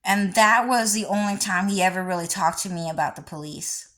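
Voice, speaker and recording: A woman vlogging in a rambling, profane monologue, repeating herself and swinging between low mutters and shrill high outbursts. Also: a little fast, fairly bright tone.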